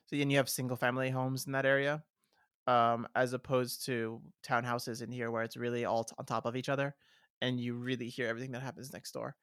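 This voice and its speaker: A man's voice: medium pitch, level tone, fairly quick, fairly bright tone, no echo, clean studio sound. Wry man co-hosting a podcast. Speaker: podcast co-host. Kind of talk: casual chat.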